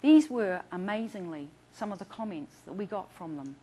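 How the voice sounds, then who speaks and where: A woman's voice: medium pitch, lively intonation, moderate pace, mellow, breathy edge, poor audio. A middle-aged woman doctor gives an instructional talk about patient care. She speaks earnestly and tells case stories, acting out what her patients said. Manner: earnest, storytelling, acts out patient quotes. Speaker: doctor presenting to patients and providers.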